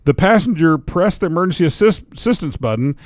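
A man's voice: fairly high pitch, animated, fast, no echo. A man co-hosting a podcast, chatting casually and reading news aloud while joking and restarting his sentences. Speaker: podcast co-host.

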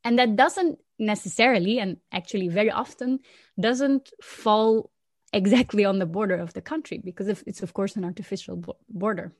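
A woman from Flanders, a Dutch speaker, chatting lively as a podcast co-host, laughing often and restarting sentences. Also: mid-range voice, normal speed, dry recording, studio quality. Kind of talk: casual explanatory chat.

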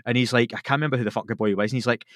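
A man with a Glasgow accent telling sweary, animated stories in a casual podcast chat. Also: mid-range voice, very fast, no echo, studio quality. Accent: Scottish, Glaswegian. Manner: sweary, animated, laughs through his stories. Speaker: podcast guest.

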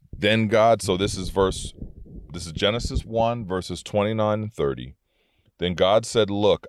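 Deep-voiced man preaching from his car. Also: no echo, studio quality. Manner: earnest, conversational preaching, reads scripture aloud then breaks it down. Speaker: minister. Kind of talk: informal Bible teaching podcast. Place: inside a parked car.

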